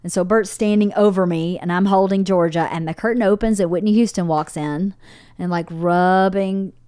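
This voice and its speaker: Animated storytelling woman, dry close sound. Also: mid-range voice, moderate pace, clean tone, no echo. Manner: animated storyteller, acts out quotes, swears freely. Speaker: podcast host. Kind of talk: casual chat, storytelling.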